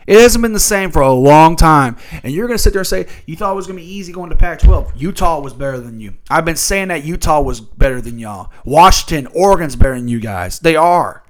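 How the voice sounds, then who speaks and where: A man's voice: a little high, expressive, brisk. A man hosting a solo sports talk show, ranting in a fired-up, profane way. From Louisville area.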